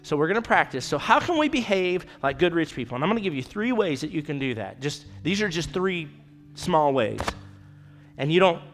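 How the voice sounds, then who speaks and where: A man's voice: a little high, sing-song, brisk, fairly bright tone, big-room sound, faint music behind. A man preaching a conversational sermon as pastor, often dropping to a near whisper for emphasis. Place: church sanctuary.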